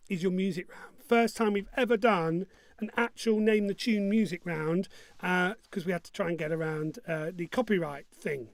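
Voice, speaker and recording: A man's voice: high-pitched, no echo. A man hosting an online pub quiz, joking along and humming his own jingles. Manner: jokey and upbeat, hums his own jingles.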